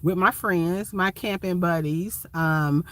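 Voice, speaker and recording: A woman's voice: fairly low pitch, slow, a bit bright. A woman from Ohio, a van-life vlogger chatting casually and expressively with viewers on a phone livestream. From Ohio, USA.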